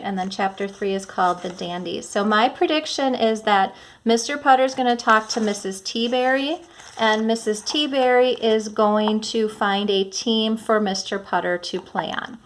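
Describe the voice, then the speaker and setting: A woman teacher with a fairly high voice reading a children's chapter book aloud. She explains each step clearly and patiently, like a classroom lesson.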